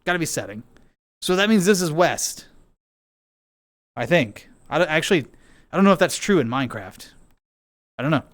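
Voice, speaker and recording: A man's voice: fairly high pitch, sing-song, normal speed, long pauses, dry recording, studio quality. A man streaming, chatting casually and rambling playfully to his viewers while playing a game. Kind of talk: casual chat with chat.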